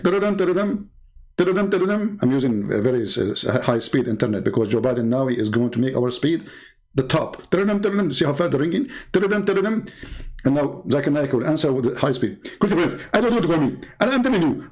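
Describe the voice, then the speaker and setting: Speaking on the high side with a slightly mellow quality, this Arabic-speaking man from the Middle East argues as a Christian apologist. His polemic is combative and sarcastic, driving the same points home again and again.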